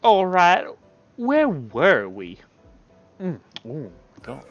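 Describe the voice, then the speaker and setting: A man's voice: sits high, wildly swooping pitch, drawn-out words, dull audio, faint music behind. A man streaming a visual novel, reading the narration aloud and cutting in with crude, sarcastic comments. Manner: crude, sarcastic, often laughing. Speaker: game streamer.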